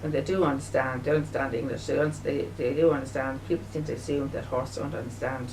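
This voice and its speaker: A woman video blogger speaking in a casual, halting way, full of fillers and restarts, and sounding emotional and grieving. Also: very deep voice, fairly even intonation, distant mic, background noise. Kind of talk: casual spoken remembrance.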